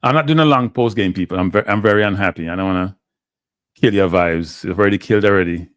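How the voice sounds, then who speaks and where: A man's voice: sits low, fast talker, no echo, clean studio sound. A man hosting a live watchalong, calling football play-by-play with blunt, frustrated fan commentary. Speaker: watchalong host.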